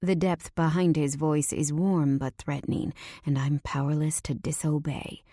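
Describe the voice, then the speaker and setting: Female narrator for a first-person romance audiobook: low, mellow voice, intimate delivery with breathy whispers, dry close mic. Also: level tone, normal speed, no room sound.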